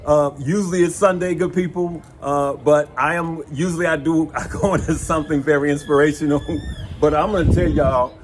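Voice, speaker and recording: A host from tells his stories in a lively, folksy way. His voice sits a little higher than most men's. There is a faint room hum behind him. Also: brisk. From West Side of Chicago. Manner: animated, folksy, addresses viewers as "good people" and "y'all". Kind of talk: casual chat and storytelling.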